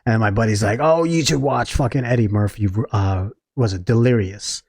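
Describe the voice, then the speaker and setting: A man's voice: lowish voice, moderate pace, darkish tone, husky, no room sound, studio quality. A man co-hosting a casual podcast, telling a story animatedly, acting out other people's voices and laughing. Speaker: podcast co-host.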